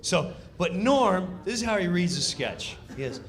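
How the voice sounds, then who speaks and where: A man telling a comic backstage story, excited and theatrical, acting out the scenes as he goes. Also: high voice, a little slow, few pauses, background noise. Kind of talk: animated comedic storytelling.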